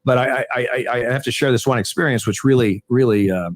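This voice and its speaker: An older man, a retired umpire, tells stories in an interview, halting and repeating words, with frequent chuckles. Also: medium pitch, no room sound. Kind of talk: conversational interview storytelling.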